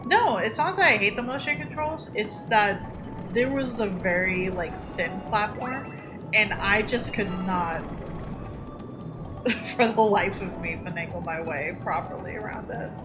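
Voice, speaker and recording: A woman streamer chats casually while she plays, her voice lively and reactive, and she swears when the game goes wrong. Game music plays clearly under her voice. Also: mid-range voice, measured pace. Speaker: streamer playing a video game. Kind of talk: casual chat while gaming.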